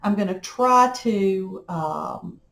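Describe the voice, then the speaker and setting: A middle-aged woman crafting at home chats in a folksy, rambling way, her mid-range voice lively in intonation but slow and creaky. She's a crafting vlogger, and the room sounds echoey.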